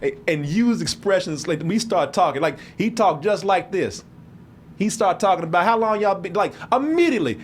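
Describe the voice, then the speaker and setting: A man's voice: sits high, moderate pace, slight background noise. A man hosting a show who tells a story in a casual chat, laughing often and acting out the quotes. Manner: animated, laughing, acts out quotes. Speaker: show host.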